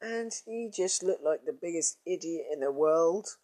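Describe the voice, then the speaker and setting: A man's voice: a little high, expressive, darkish tone. A man telling a crude comic story in a casual, rambling way. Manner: rambling, crude, drawn-out groans.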